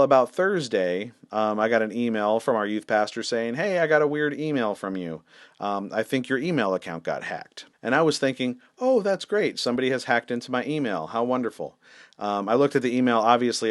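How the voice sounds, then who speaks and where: A man's voice: lowish voice, dry recording, studio quality. A man, a senior pastor, telling a story in a casual, wry, self-deprecating way with lots of fillers.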